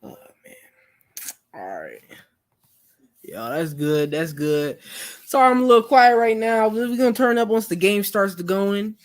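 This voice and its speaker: A young man hosting a live stream, chatting casually with viewers in a relaxed, rambling way full of fillers. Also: sits high, a little slow, pauses often. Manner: laid-back, rambling, many fillers.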